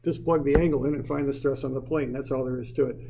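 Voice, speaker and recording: A man's voice: mid-range voice, steady tone, fast talker, creaky, dark tone, slight background noise, poor audio. A man teaching an engineering class in an informal way, often repeating words and putting questions to the students. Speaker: engineering instructor. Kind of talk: classroom lecture.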